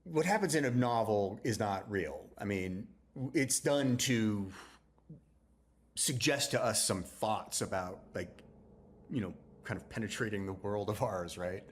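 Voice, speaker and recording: A man with a somewhat low voice tells anecdotes about his writing career in a relaxed, conversational way. He talks loosely and rephrases sentences as he goes, and he slips into other people's lines when he quotes them. It sounds like an unscripted interview with a novelist. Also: measured pace.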